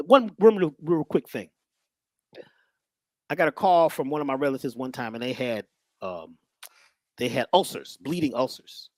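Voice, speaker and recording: Woman lecturing casually, lots of stories, lively up-and-down voice, dry close sound. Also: extremely low pitch, moderate pace, pauses often, no echo. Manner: conversational, animated, acts out voices.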